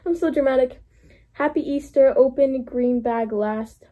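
High, breathy woman gushing over an unboxing. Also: a little slow. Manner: gushing, gasping, breaks into excited squeals. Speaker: vlogger. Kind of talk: excited unboxing vlog.

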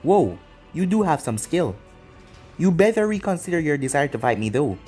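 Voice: mid-range voice, big pitch swings, moderate pace, a little mellow, slightly rough, soft background music. A narrator voicing a fearless, mocking young male ninja in a fan story. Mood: cocky. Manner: cocky, taunting.

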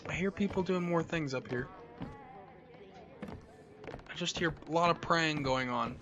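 A man playing a horror game on his channel, jumpy and profane, yelling whenever he gets scared. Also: fairly high pitch, unhurried, highs cut off, noisy background. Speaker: gaming video host.

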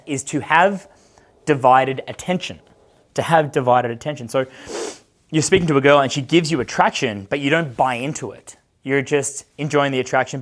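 Swearing, joking male dating coach. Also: mid-range voice. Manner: swears freely, laughs at own stories. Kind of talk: casual coaching talk to a live group.

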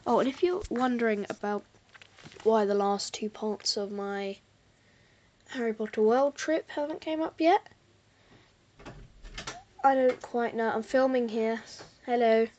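A woman giving casual gameplay commentary, excitable and prone to loud exclamations, with quiet muttered asides. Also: a little high, a little slow, long pauses, highs cut off, slight background noise. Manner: excitable, bursts into exclamations and laughs. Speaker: gamer.

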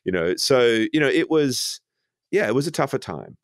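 A man speaking as a podcast guest from his home, talking in a reflective, halting way with many restarts. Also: mid-range voice, sing-song, no room sound, studio quality. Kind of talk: casual conversation.

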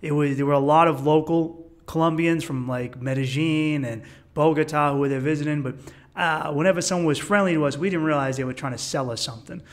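A man from Boston with a fairly high voice tells a travel story. His delivery is loose and animated, and laughter breaks into his sentences. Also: a little fast. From Boston, USA. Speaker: travel vlogger. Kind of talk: casual storytelling.

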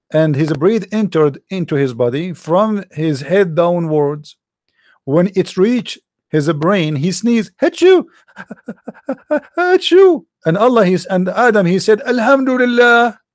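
This man's voice sits high with a darkish tone, carrying an Arabic accent from someone who isn't a native English speaker. An online religious commentator, he reads off a screen and ridicules it sarcastically and incredulously, mimicking sneezes along the way. Studio-quality audio, no room sound.

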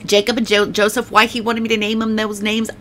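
A woman's voice: mid-range voice, level tone, fairly quick, a bit bright, a little hiss or hum. A middle-aged woman giving a personal faith testimony, talking emotionally with many restarts and fillers. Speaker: testimony speaker.

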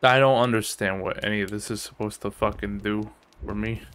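A man's voice: lowish voice, steady tone, fairly quick, a bit bright, clear, resonant tone. A man streaming a game live, swearing freely as he plays and reading the game's text aloud. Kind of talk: live gameplay commentary.

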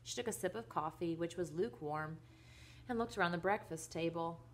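A woman reading a children's book aloud, with gentle asides to her listeners. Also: on the low side, a little fast. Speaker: reader.

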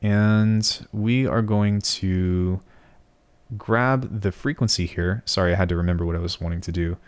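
A man's voice: low-pitched, measured pace. A young man teaching sound design in a screen-recorded tutorial, thinking aloud and often correcting himself. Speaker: music production tutor.

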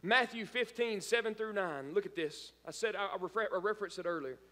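A man's voice: sits high, a little fast, sharp tone, in a large hall. A male pastor preaching a sermon, emphatic and repeating phrases for emphasis. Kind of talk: live-streamed sermon. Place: church sanctuary.

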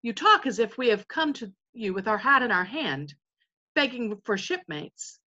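A woman's voice: a little high, animated, normal speed, pushed and bright, muffled recording. Woman reading a commanding young king. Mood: stately. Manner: stately and commanding. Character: young king rallying his crew, commanding.

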